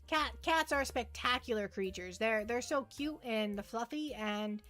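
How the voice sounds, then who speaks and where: Chatty woman livestreamer, bright voice. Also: on the high side, a little slow. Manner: rambling, repeats words, reads and answers chat. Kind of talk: casual chat with live chat.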